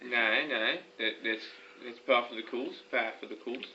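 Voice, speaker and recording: A man in an improvised comedy skit, loud and stammering, repeating his words, recorded on a home video camera. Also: mid-range voice, fairly even intonation, moderate pace, lo-fi sound.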